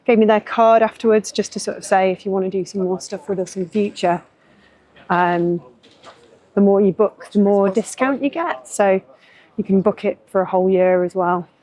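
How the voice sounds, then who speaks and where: A woman's voice: mid-range voice, normal speed, dark tone. Chatty self-deprecating woman. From northern England. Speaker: journalist and vlogger. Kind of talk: casual vlog chat.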